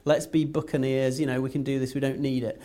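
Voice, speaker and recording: A man's voice: mid-range voice, little pitch movement, fast talker, mellow. A man discussing politics in a casual panel chat, talking fluently with frequent restarts. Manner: fluent, repeats words when restarting. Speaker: political commentator.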